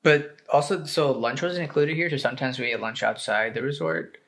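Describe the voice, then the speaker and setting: A man's voice: medium pitch, brisk, fairly bright tone. A young adult man, a podcast co-host, chatting loosely and rambling, with casual swearing. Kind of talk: casual chat.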